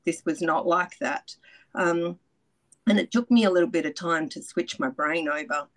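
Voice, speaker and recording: A woman's voice: lowish voice, normal speed, rough recording. A middle-aged woman giving a candid, self-mocking spoken testimonial as a retreat participant, laughing often and swearing freely.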